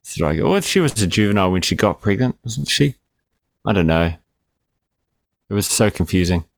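A man's voice: low voice, animated, normal speed, gravelly. A man co-hosting a casual film review chat, jokey and wry. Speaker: podcast co-host.

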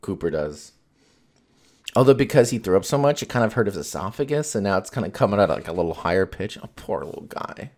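A man's voice: lowish voice, big pitch swings, fast talker, darkish tone. A man chatting casually as a podcast host, rambling and swearing freely with lots of fillers. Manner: rambling, profane, filler-heavy. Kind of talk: casual chat.

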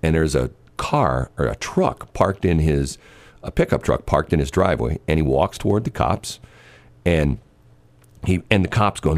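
A man's voice: rumbling low, big pitch swings, normal speed. A man hosting a casual chat, telling a long story in a rambling way with many fillers and restarts.

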